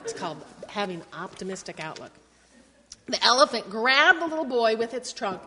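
A woman teacher brings a picture book to life for a class of children, telling it animatedly and acting out the sound effects. Her slightly high, slightly rough voice moves at a moderate pace, with a long reverb tail and some chatter in the background.

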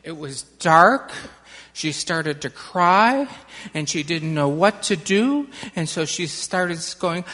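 Unhurried children's-message storyteller, long reverb in a large sanctuary. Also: medium pitch, animated, bright, forceful tone. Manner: slow, questioning the children, dramatic pauses.

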